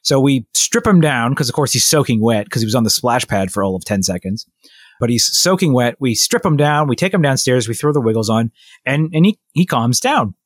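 A man at an average pitch rambles through a family story on a chatty podcast, stopping and restarting as he acts out what everyone said. The recording is close and dry, with no room sound. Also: a little fast, no echo. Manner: rambling, animated retelling with many restarts and quoted voices. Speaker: podcast co-host. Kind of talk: casual storytelling chat.

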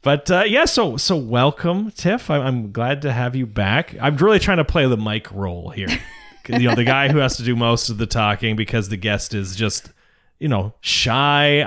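Male podcast host, middle pitch, casual and chatty, laughs easily. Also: expressive, moderate pace, fairly bright tone. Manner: chatty, laughs often, self-deprecating. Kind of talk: casual chat.

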